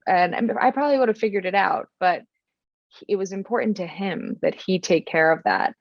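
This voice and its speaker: A woman's voice: lowish voice, vocal fry, dry recording. A young woman from Florida, a podcast guest telling a personal story in an earnest, reflective way, with many ums and restarts. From Florida, USA. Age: young adult. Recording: dull, dry, lo-fi sound.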